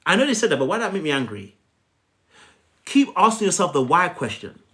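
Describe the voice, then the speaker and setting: This man coaches live-stream viewers in a fairly high, fairly bright, sing-song voice, speaking a little fast. A life coach on his phone, he's emphatic and keeps checking in with "okay?" while naming individual viewers.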